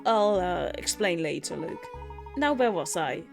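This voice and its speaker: A woman voicing a calm, courteous gentleman professor in a video game, measured in manner. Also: lowish voice, vocal fry, music in the background, pitched below the performer's own voice.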